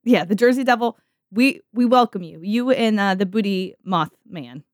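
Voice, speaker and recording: A woman's voice: mid-range voice, normal speed, dry recording, studio quality. Playful joking woman podcast host. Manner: playful, joking, laughing often. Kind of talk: casual podcast chat.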